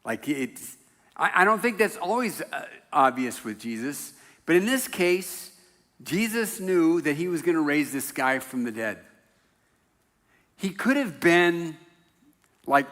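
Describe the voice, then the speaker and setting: A man preaching a sermon in a church sanctuary, his bright, forceful voice carrying a long reverb from the hall. He talks in a loose, conversational way and drops in wry jokes at his own expense. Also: on the high side, a little slow, long pauses. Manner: conversational and animated, with self-deprecating humor. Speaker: pastor.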